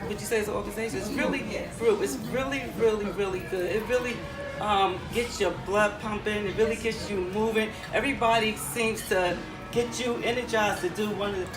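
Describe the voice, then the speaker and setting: A woman's voice: medium pitch, steady tone, brisk. A woman sharing her personal story with a running group, speaking emphatically and laughing often. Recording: echoey room from far off, with crowd and music.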